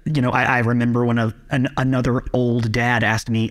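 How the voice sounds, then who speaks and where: A man's voice: mid-range voice, steady tone, brisk. A man hosting a podcast, talking earnestly and reflectively with a guest, with some hesitations. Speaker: podcast host. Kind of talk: casual interview chat.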